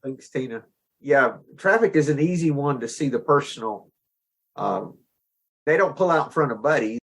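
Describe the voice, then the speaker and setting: Calm man leading a group discussion. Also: medium pitch, normal speed, gravelly, husky. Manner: calm, affirming, calls on each speaker. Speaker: meeting facilitator. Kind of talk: casual discussion.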